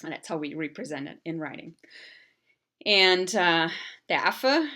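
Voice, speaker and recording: This woman in her thirties grew up in Germany, and German is her first language. She teaches in a relaxed, chatty way, filling gaps with ums and uhs. Her voice sits a little low yet sounds crisp and bright. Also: unhurried. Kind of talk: casual video lesson.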